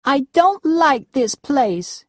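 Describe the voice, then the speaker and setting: Spoiled rich wife, shrill and whiny, put on by a woman reader, high and swooping, slow, dry storybook read. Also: sing-song, no echo, full character voice. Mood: demanding. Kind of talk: storybook reading.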